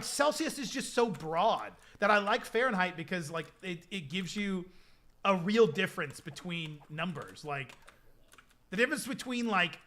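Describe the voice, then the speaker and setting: A man's voice: high-pitched, sharp tone. A young man chatting casually with his stream chat, rambling with lots of fillers. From United States.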